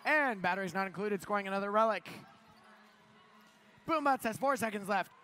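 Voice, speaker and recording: A man giving live play-by-play commentary on a robotics competition, getting louder and higher at the big moments. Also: fast talker, clean tone. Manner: excited play-by-play, climbs in pitch at big moments. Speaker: match commentator.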